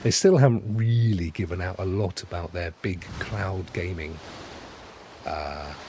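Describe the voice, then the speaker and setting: Low and dark in tone, this man's unhurried voice comes with slight background noise. He's a middle-aged game-stream host offering casual commentary as he plays, chatty and rambling, often backtracking to correct himself.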